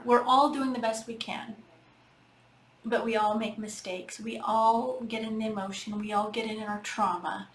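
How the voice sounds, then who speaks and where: A middle-aged woman, a healing coach, giving casual spoken advice in an earnest, repetitive way, talking straight to her listeners. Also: fairly high pitch. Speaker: healing coach and podcast host. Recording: echoey room with faint background noise.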